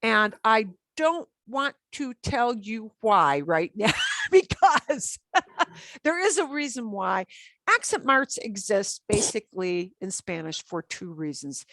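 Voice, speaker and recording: Casting note: woman Spanish teacher, patient and animated, lively pitch, dry close sound. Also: slow, no room sound. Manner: patient, explains step by step, switches between English and Spanish; animated, light laughs. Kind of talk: beginner language class.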